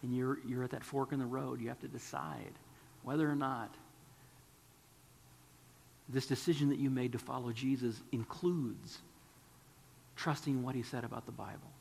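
A man's voice: medium pitch, steady tone, normal speed, gravelly, pauses often, a little mellow, long reverb tail, a little hiss or hum. A man preaching a sermon, earnest and pleading, sometimes dropping to a whisper.

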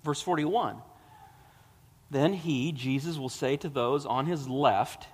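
A man's voice: medium pitch, takes it slowly, slightly rough. A man preaching a sermon, reading scripture dramatically and explaining it with emphatic, rising delivery. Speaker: pastor. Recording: long hall reverb.

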